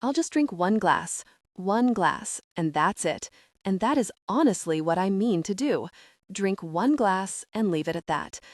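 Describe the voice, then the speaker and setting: A woman narrating a comic audiobook in the first person, expressive and self-mocking in a flustered way. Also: mid-range voice, no echo, clean studio sound.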